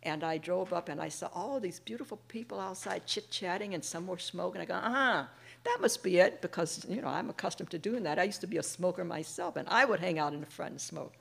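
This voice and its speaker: A middle-aged woman sharing her personal testimony with a recovery group, an animated storyteller who acts out the voices of the people in her story. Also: on the low side, a little fast, creaky. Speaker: speaker sharing at a recovery meeting.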